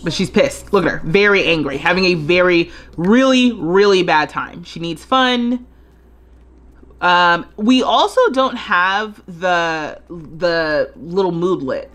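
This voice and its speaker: Lively woman streaming a life-sim game. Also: on the low side, slow pace. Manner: chatty, thinking aloud while playing. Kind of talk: live gameplay commentary.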